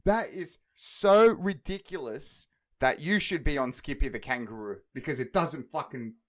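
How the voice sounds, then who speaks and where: A man co-hosting a podcast, breaking down silly logic in a mock-serious, animated way. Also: a little high, normal speed. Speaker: podcast co-host. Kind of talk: casual comedic chat.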